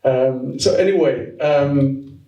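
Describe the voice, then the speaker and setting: A man hosting a live poetry event, speaking hesitantly with many pauses. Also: mid-range voice, dark tone, muffled recording. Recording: roomy venue sound, mic far off.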